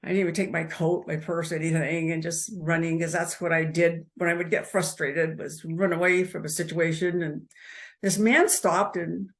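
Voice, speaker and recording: A woman in her seventies, an interview guest telling her life story in a halting way, with restarts and soft laughs. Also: fairly low pitch, flat delivery. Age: 70s. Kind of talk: personal life story told in conversation.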